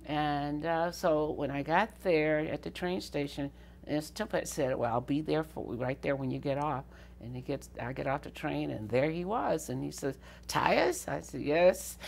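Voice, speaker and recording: Low gravelly older woman telling stories. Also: normal speed, darkish tone, slight background noise. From Southern United States. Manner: laughs often, acts out quoted voices. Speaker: interviewee. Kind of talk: storytelling interview.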